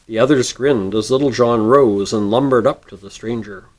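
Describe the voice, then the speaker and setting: A man reading a storybook chapter aloud with expressive narration. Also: mid-range voice, normal speed.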